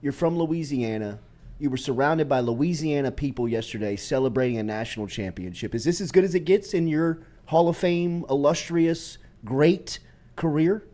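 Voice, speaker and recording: A man's voice: on the high side, moderate pace, warm tone. A man hosting a sports radio interview, asking effusive, admiring questions.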